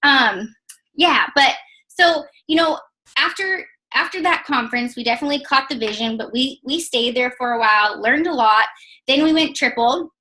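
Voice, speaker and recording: Bright high-voiced woman in her twenties. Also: rough recording. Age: 20s. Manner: chatty, emotional, many fillers. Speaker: direct sales team leader. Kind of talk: personal success story talk.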